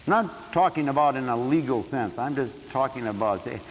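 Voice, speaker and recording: A man preaching a sermon emphatically, dropping to quiet asides and rising to shouts. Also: mid-range voice, expressive, a little fast, a little hiss or hum. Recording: echoey hall.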